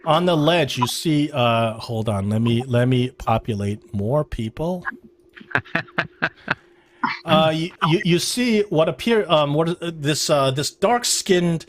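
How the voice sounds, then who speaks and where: A man narrating a tabletop game as game master, often pausing and restarting mid-sentence. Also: a little high, lively intonation, slight background noise. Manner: halting, with many restarts and fillers.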